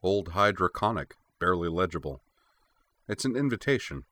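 A man's voice: low-pitched, expressive, normal speed, pushed and bright, no room sound. A man voicing a wry, knowing storybook man. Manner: dry, wry delivery. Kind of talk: audiobook character voice.

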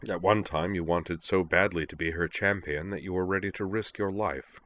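A man voicing a cool, authoritative young chairman who speaks in a measured, flat way, in a story reading. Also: low voice. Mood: cold. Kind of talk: audiobook reading of fan fiction.

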